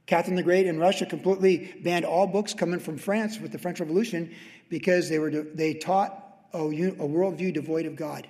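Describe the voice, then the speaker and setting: A man's voice: a little high, darkish tone. A middle-aged man teaching verse by verse as a pastor, emphatic and conversational, with frequent restarts. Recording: long reverb of a large hall.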